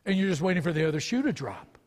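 High-voiced man preaching a sermon. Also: very animated, fast, in a large hall. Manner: earnest preaching with rhetorical questions. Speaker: pastor.

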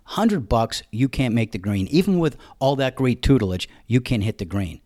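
A man's voice: mid-range voice, expressive, moderate pace, dark tone, no echo, studio quality, lightly acted. A man voicing a cocky, teasing male golf buddy with a New York accent. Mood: needling. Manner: teasing, needling.

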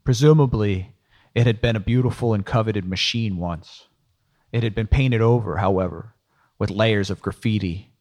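A man's voice: lowish voice, normal speed, darkish tone. A man narrating a first-person audiobook in a dry, sardonic storytelling manner.

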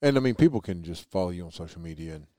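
A man's voice: deep voice, expressive, racing, mellow, no echo, clean studio sound. A man hosting a podcast, rambling and joking in casual chat. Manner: rambling, enthusiastic, jokey. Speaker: podcast host.

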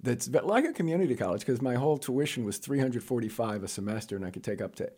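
A middle-aged man from New York telling stories of his career as an interview guest, jokey and animated, jumping up in pitch for punchlines. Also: fast, husky. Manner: animated, jokey storyteller with sudden high-pitched asides. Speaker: guest, college administrator. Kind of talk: casual storytelling interview.

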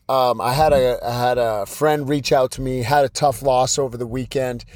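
A man's voice: mid-range voice, no room sound. A man in his thirties hosting a solo podcast, speaking bluntly as a fighting coach. He repeats himself often and restarts his sentences. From British Columbia, Canada. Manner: blunt, repetitive, pep-talk delivery with many restarts. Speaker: podcast host and Muay Thai coach. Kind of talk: motivational solo podcast talk.

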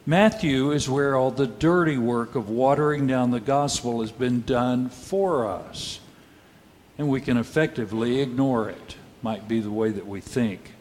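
A man preaching a sermon as pastor, measured and rhetorical, with dry, wry asides and pointed questions to the congregation. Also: mid-range voice, a little mellow, a little hiss or hum. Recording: long hall reverb.

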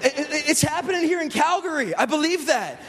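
High-voiced preaching man, echoing hall. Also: a little fast, slight background noise. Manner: animated, joking, with rhetorical questions. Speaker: pastor. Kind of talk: sermon. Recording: hall with long reverb.

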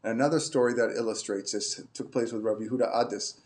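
A man teaching Torah, halting and animated. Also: medium pitch. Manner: halting, many restarts, animated when telling stories. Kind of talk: informal Torah class with storytelling.

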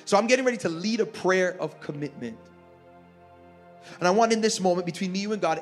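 Fervent male pastor, high voice, altar call over a faint music bed. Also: quick pace. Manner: fervent, repetitive, builds to shouts. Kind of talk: altar call and sermon closing. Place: large church auditorium.

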